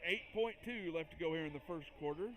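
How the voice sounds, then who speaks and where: A man doing chatty, excitable play-by-play for a school basketball game, joking with listeners between plays. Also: fairly high pitch, quick pace. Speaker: play-by-play announcer. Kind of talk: amateur basketball commentary. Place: school gym. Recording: noisy gym sound.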